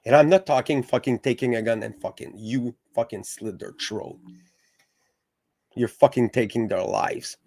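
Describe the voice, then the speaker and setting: A man's voice: medium pitch, darkish tone, dry recording, studio quality. A man hosting a podcast, arguing passionately with lots of swearing and stumbling restarts. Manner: profane, passionate, halting with restarts. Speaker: podcast host. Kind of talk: heated casual discussion.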